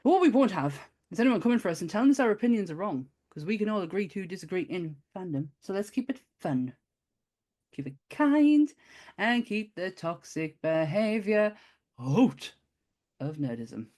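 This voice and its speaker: A woman co-hosting a podcast in a casual chat, lively and quick to laugh. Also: mid-range voice. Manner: lively, laughs often, exclaims. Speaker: podcast co-host.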